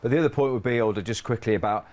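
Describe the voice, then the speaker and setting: A man presenting a live sports broadcast, briskly leading the discussion and linking segments. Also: mid-range voice, a little mellow.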